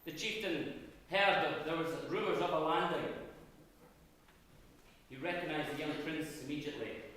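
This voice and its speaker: A Scottish man giving a dramatic history lecture, swinging from loud emphatic bursts to low hushed asides, recorded in a university auditorium. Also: normal speed, slight background noise. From Scotland. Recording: echoey hall, voice far from mic.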